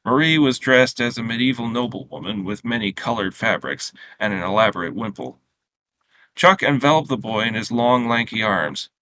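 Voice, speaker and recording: A man reading his own short story aloud in a steady, unhurried way, with small slips and restarts. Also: medium pitch.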